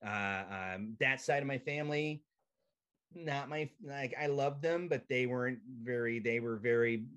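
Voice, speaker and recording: A man's voice: medium pitch, a little slow, highs cut off. Man telling a profane comic story. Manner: profane, animated, comic timing. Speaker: comedian guest. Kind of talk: casual storytelling on a podcast. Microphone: video call.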